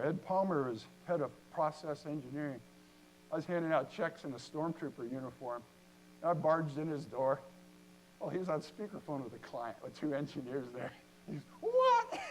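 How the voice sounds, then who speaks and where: A man's voice: fairly high pitch, a little hiss or hum, low-quality recording. A man, a company co-founder, telling jokey stories in a talk to an audience at a university event. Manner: animated, jokey storytelling with laughs. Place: lecture hall at a university event.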